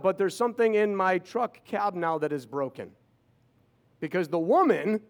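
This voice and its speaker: A man's voice: high-pitched, expressive, normal speed. A man in his fifties telling personal stories to an audience, with sarcastic asides. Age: 50s. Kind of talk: storytelling talk to an audience.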